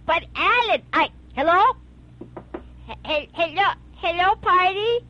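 A woman's voice: extremely high pitch, expressive, measured pace, faint music behind. A woman playing an exasperated caller in a homemade comedy radio play, who mutters asides to herself. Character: exasperated woman caller on a bad phone line. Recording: dull lo-fi recording.

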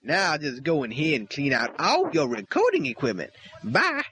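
A man's voice: huge pitch swings, moderate pace, vocal fry, background noise, full character voice. A man playing a boastful, bossy male burglar in an amateur comedy skit, swaggering and theatrical. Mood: threatening. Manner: swaggering, theatrical swings in pitch.

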